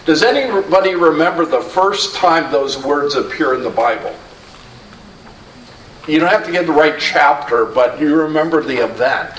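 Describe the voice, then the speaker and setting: A man preaching a sermon in a measured, earnest way, asking the congregation questions. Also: fairly high pitch, a bit bright. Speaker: pastor. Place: church sanctuary. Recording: roomy echo, distant mic, faint hum.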